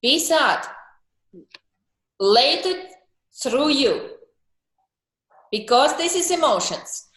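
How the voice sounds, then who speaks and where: Woman coach on a group call, talks slow and earnest, kinda high voice, echoey room. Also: expressive. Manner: slow, earnest, acts out emotions in little voiced monologues. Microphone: video call.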